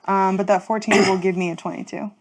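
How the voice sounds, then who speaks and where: A woman playing in a tabletop role-playing game, describing her character's actions in a measured, playful way. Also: mid-range voice, level tone, very noisy. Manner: measured, playful, slips into formal in-character speech. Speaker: player.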